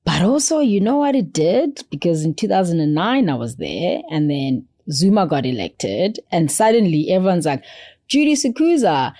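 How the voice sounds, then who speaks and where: A woman from South Africa chats as a podcast guest, her voice low and warm. She tells stories with animation and drops into playful voices for quotes. The sound is dry and close. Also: sing-song, normal speed, hardly any pauses, no room sound. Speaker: podcast guest, foundation CEO. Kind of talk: animated conversational storytelling.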